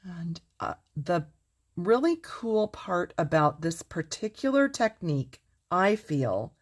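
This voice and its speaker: Gushing low-voiced woman craft teacher. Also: sing-song, takes it slowly. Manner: gushing, enthusiastic, talks to viewers. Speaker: card-making instructor. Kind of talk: casual craft demonstration.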